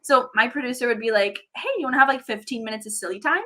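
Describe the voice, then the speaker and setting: High, bright-voiced young woman telling stories. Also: fast. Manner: acts out quoted voices, laughs often. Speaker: reality show contestant guest. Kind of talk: animated storytelling in an interview.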